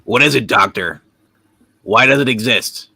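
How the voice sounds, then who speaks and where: Gravelly raspy guy reading comic lines on a live show, bright, dry mic. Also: mid-range voice, moderate pace, no echo. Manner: lively, jokey, laughs often. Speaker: comic book reader, co-host.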